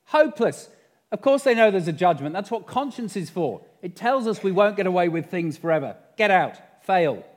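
A man's voice: high voice, lively intonation, normal speed, pitched above the performer's own voice. A man voicing a scornful senior male devil who curtly dismisses his underlings. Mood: contemptuous. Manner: loud, dismissive, curt.

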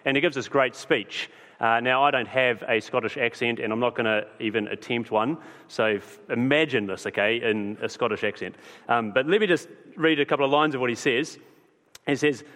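A man preaching an evening sermon, talking in a relaxed, conversational way with frequent fillers and restarts. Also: medium pitch. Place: church hall. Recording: long church-hall reverb.

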